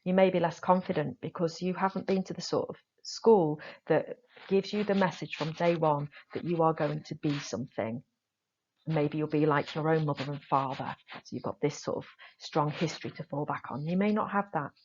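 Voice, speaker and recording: A woman drama teacher explaining a lesson to her students, stressing the key points with lively emphasis. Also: low-pitched, normal speed, slightly rough, highs cut off. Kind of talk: recorded classroom lesson.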